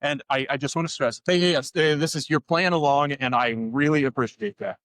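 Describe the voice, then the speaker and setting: A man's voice: on the high side, a little fast, a bit bright, dry recording. A man hosting a podcast live at a conference, joking and upbeat as he leads the audience. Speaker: podcast host. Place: conference session room.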